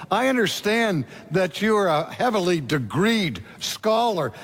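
Man doing a Roman governor, loud, mocking, raised pitch, slow drawn-out phrasing. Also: exaggerated voice.

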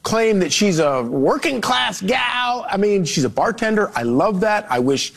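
A man on a TV panel mocks with gushing sarcasm and frequent restarts. His voice is somewhat high for a man. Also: sing-song, measured pace, vocal fry, fairly bright tone. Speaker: TV panel guest. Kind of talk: TV panel commentary.

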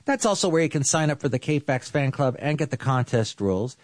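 A male station announcer reading a crisp, scripted radio promo. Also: mid-range voice, lively intonation, fairly quick, no echo.

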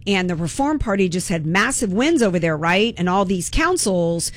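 A woman's voice: fairly low pitch, sing-song, moderate pace. A woman hosting talk radio, delivering an impassioned, indignant political monologue and repeating words when worked up.

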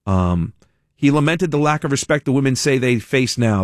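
A man's voice: medium pitch, lively intonation, moderate pace, dry recording, clean studio sound. A man hosting a call-in talk radio show, reading news aloud with wry asides in a conversational way. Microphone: studio mic.

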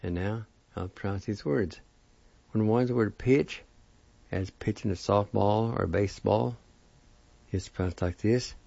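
A man teaching vocabulary, spelling out and pronouncing each word slowly and patiently, with repetition, on a dull lo-fi recording. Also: fairly low pitch, vocal fry, dark tone, slightly rough, dry recording. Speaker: language teacher. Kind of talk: slow spelling and pronunciation lesson. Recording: dull lo-fi sound.

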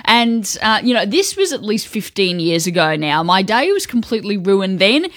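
A woman's voice: medium pitch, big pitch swings, moderate pace, a bit bright, no echo. An Australian woman hosting a breakfast radio show, telling a story with giggly, self-mocking banter in a studio. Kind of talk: chatty morning radio banter. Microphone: studio microphone.

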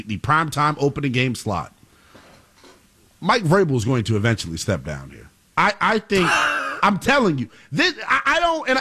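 A man's voice: high-pitched, a bit bright. A man co-hosting a sports talk show, arguing his point emphatically and repeating himself. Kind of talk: heated sports debate.

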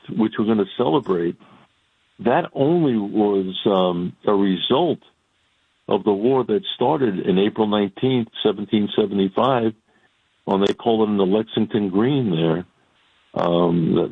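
Low husky guy on a tinny phone line, emphatic, keeps restarting. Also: dry recording. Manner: emphatic, halting with many restarts. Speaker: caller or guest. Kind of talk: casual radio talk.

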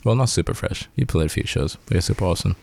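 A man's voice: low voice, animated, quick pace, gravelly, a little mellow, slightly rough. A man from Sri Lanka, a guest band member in casual chat, laid-back and slangy, laughing often and tired late at night.

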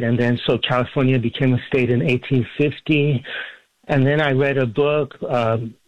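A man's voice: medium pitch, no room sound. A man from Iran calling into a radio show, rambling hesitantly with many fillers, heard over a muffled phone line. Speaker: caller.

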